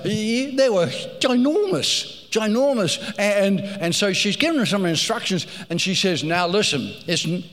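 A man's voice: high-pitched, animated, unhurried, hardly any pauses, fairly bright tone, in a large hall. A man preaching a sermon, telling stories with animation and repeating phrases for emphasis.

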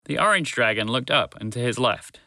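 A man narrating a children's story to listeners in a gentle, unhurried, expressive way. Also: medium pitch, no room sound.

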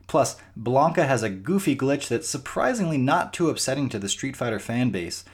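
A man hosting a gaming podcast, talking casually with rambling, animated energy. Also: mid-range voice, normal speed, breathy edge. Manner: rambling, animated, restarts often. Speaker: podcast host.

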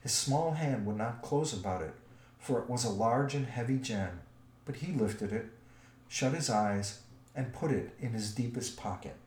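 A man with a mid-range voice narrates a storybook in a measured, expressive way, recorded with a roomy echo.

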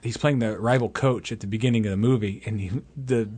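A man's voice: on the low side, fairly even intonation, a little fast, darkish tone, slightly rough. A man co-hosting a casual movie-review podcast, joking, rambling and laughing often. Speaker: podcast co-host.

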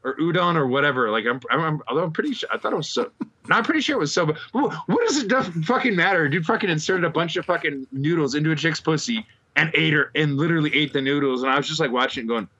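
A man's voice: fairly high pitch, fast, pushed and bright, breathy edge, lo-fi sound. A man co-hosting a podcast, stammering through crude, wry stories full of swearing. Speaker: podcast co-host. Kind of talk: crude casual banter.

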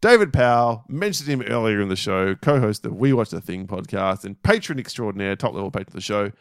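A man co-hosting a podcast, reading out listener lists in casual, animated chat with frequent swearing and laughter. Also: on the low side, brisk, clear, resonant tone, dry recording, clean studio sound. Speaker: podcast co-host.

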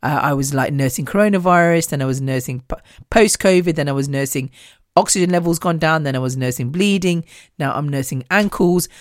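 A woman's voice: sits low, brisk, dry recording, clean studio sound. A woman hosting her own podcast, talking candidly and chattily, swearing freely and restarting often. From Indian heritage. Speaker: podcast host. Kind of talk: casual solo podcast chat.

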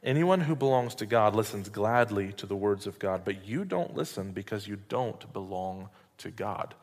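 A man reading the lines of Jesus as a calm, earnest male teacher in a measured way. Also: on the low side. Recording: long reverb hall.

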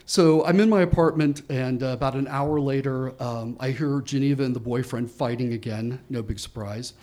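A man telling a first-person story in an animated way, with laughing asides and acted-out moments of panic. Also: medium pitch, normal speed.

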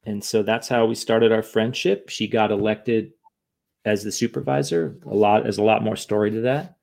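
Telling a long story in a relaxed way, a man speaks at normal speed with a fairly low, creaky voice. He brings the quoted voices to life, full of fillers and "right?" tags.

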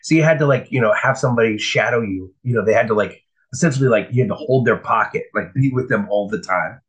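A man telling his recovery story in a casual, profane, animated way. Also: on the low side, fast, rough recording. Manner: profane, animated, acts out voices in quotes. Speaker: speaker sharing a recovery story.

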